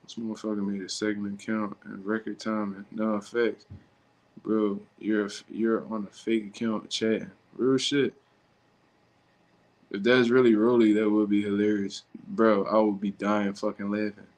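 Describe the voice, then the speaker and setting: A man's voice: fairly low pitch, flat delivery, normal speed. Profane, blunt livestreaming man. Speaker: livestream host. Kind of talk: casual livestream chat reacting to comments.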